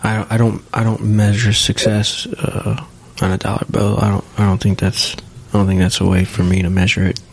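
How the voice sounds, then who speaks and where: Gravelly low-voiced man, earnest and halting. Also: level tone. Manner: earnest, halting, repeats phrases with "you know". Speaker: podcast guest. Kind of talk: candid podcast conversation. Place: home basement studio.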